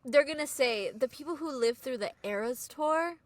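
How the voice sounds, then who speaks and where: A woman's voice: high voice, animated, moderate pace. A woman co-hosting a podcast in casual chat, eagerly chiming in and finishing her co-host's sentences. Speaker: podcast co-host.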